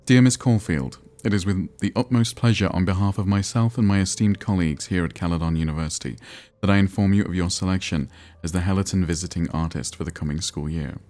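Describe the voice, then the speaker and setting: A man reading out a grieving mother's messages in a deep voice, with formal, pleading phrasing. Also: quick pace, darkish tone, lightly acted.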